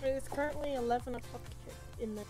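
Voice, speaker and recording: A young woman hosting a live drawing stream, chatting quietly and a bit apologetically as she works. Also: high voice, brisk, over music. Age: young adult. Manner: quiet, soft-spoken, apologetic. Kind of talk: casual chat.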